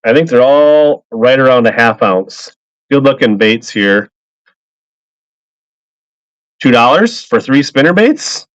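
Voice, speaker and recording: A man's voice: mid-range voice, animated, measured pace, no room sound. A man selling fishing gear on a casual live stream, rambling upbeat and greeting buyers by name. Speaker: live auction seller of fishing lures. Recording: slightly dull lo-fi stream audio.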